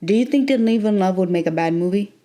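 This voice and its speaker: A woman's voice: medium pitch, fast talker, warm tone. A young woman chatting casually in a late-night vlog, rambling and playful, breaking into squeals and laughter. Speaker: vlogger.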